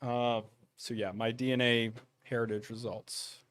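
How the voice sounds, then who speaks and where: A man's voice: mid-range voice, level tone, unhurried, fairly bright tone, smooth, no echo. A man giving casual reaction commentary on videos, thoughtful and conversational. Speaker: YouTube commentator.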